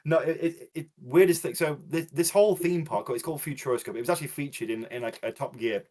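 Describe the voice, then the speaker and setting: Podcast guest, male, quick and rambling, laughs easily. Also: on the high side, dark tone. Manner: chatty and rambling, with frequent restarts and laughter. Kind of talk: casual chat.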